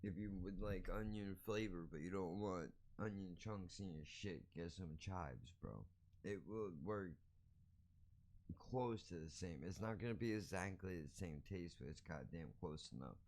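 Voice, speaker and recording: A man's voice: sits low, moderate pace, a little mellow. A man hosting a podcast, giving a blunt, profane, ranting monologue. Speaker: podcast host.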